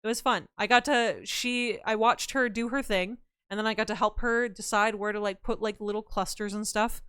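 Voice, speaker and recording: A woman's voice: medium pitch, moderate pace, clean tone, dry recording, studio quality. A young woman streamer chatting casually with her chat, telling stories and laughing, with a slightly scratchy throat. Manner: chatty, laughing, reads chat aloud, animated storytelling.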